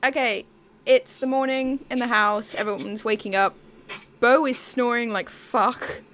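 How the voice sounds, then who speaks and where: A woman with a fairly high voice talks slowly and deliberately as she recaps an episode. She giggles often and swears casually. Faint noise hums behind her. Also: steady tone, a bit bright. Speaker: podcast co-host. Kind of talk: casual chat recapping a reality show.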